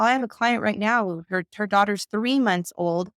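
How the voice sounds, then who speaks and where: A woman coach and mother giving conversational advice, emphatic and quick to act out the voices she quotes. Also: mid-range voice, clean tone, dry recording, clean studio sound.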